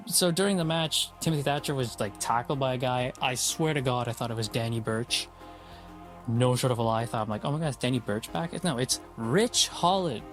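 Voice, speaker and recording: Blunt, swearing male wrestling reviewer. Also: mid-range voice. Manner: blunt, profane, opinionated. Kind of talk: casual recap vlog.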